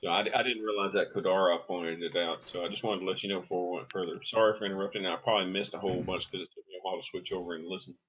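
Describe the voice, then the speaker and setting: A man's voice: deep voice, steady tone, rapid-fire, hardly any pauses, a bit bright, a little hiss or hum. A man, a tabletop game player, chatting politely over an online call. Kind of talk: casual chat. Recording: dull lo-fi voice call.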